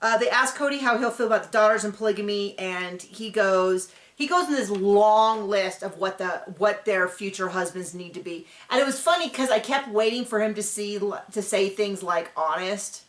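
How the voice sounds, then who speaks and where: A woman's voice: medium pitch, moderate pace, few pauses, a bit bright. Chatty sarcastic woman in an echoey room. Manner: chatty, sarcastic, full of fillers. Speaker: recap show host. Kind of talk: casual recap chat.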